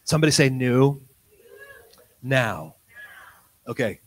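A man preaching a sermon, telling a story in acted-out dialogue and swinging from quiet asides to loud, excited bursts. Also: medium pitch, slow, no room sound, rough recording. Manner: tells stories in quoted dialogue.

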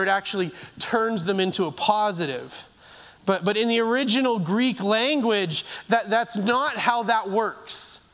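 A man preaching a sermon in an earnest, halting way, often restarting his phrases and moving between raised and hushed delivery. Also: sits high. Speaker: pastor.

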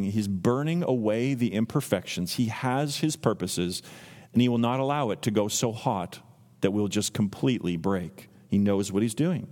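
A man in his thirties preaching a sermon as a pastor, teaching earnestly and acting out quotes in lively voices. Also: medium pitch. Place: church sanctuary. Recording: long reverb from a church hall.

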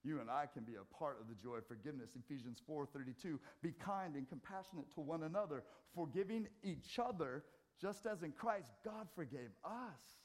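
A middle-aged man preaching a sermon in a church, swinging from loud scripture readings to quiet asides. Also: fairly high pitch, lively intonation, a little fast, hardly any pauses. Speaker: pastor. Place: church sanctuary.

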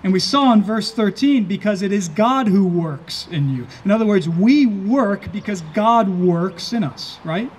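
A pastor preaching an earnest sermon, slowing down and stressing key phrases. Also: male voice, sits high, lively intonation, slight background noise.

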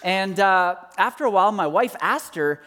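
A man's voice: sits high, lively intonation, moderate pace, sharp tone. A man in his thirties preaching a sermon as lead pastor, conversational and joking, with repeated rhetorical questions. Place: church hall. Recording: church hall with long reverb.

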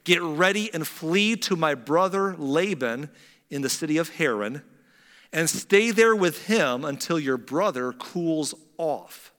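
A man voicing a scheming mother who urgently warns her son, in a measured way. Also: fairly high pitch, lively intonation, fairly bright tone, in a large hall.

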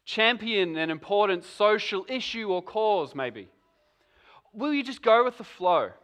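A male preacher talks through his sermon in a relaxed, conversational way. His voice sits high and sounds bright and forward. He keeps posing questions straight to the congregation. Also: measured pace, soft background music. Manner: conversational, asks many rhetorical questions.

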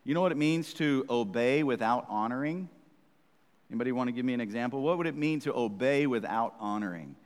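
A man's voice: medium pitch, lively intonation, a little fast. A man preaching a sermon as the pastor, in a conversational, teasing way, often checking in with "right?". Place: church. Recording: reverberant church hall.

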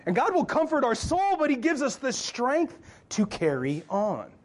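A man's voice: very high-pitched, wildly swooping pitch, moderate pace. A male pastor preaching a sermon in church in a loose, joking, conversational way, often asking the crowd questions.

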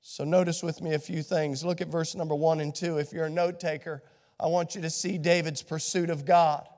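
A high-voiced male pastor, scratchy-throated from a cold, preaches hard in a church sanctuary, his sermon swinging from hushed to shouting. His delivery is flat and at normal speed. The large hall leaves a long reverb.

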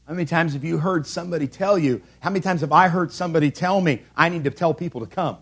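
A man's voice: on the high side, fast talker, hardly any pauses, a bit bright, breathy edge. A man preaching a sermon from a church pulpit, emphatic, with repeated calls and rhetorical questions. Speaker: pastor.

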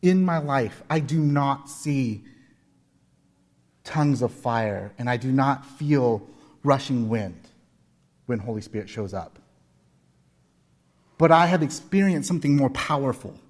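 Man in his forties, pastor, sermon, slow deliberate delivery, repeats lines for emphasis, reverberant church hall. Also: mid-range voice, lively intonation. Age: 40s. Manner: earnest, personal storytelling with emphatic repetition.

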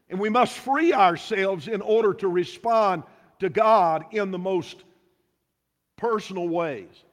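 A man preaching a sermon as pastor, emphatic and full of rhetorical questions, in a church. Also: high voice. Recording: long hall reverb.

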